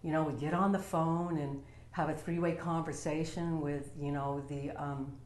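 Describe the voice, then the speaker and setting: A woman's voice: low voice, steady tone, moderate pace, a little mellow, a little hiss or hum. A woman at home telling her personal story in a casual, heartfelt and rambling way, full of fillers. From Utah. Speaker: vlogger sharing a personal story. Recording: roomy echo.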